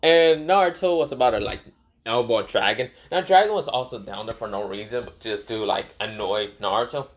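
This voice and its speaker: A man's voice: mid-range voice, fairly quick. A man casually retelling a fan story, rambling with many fillers and self-corrections.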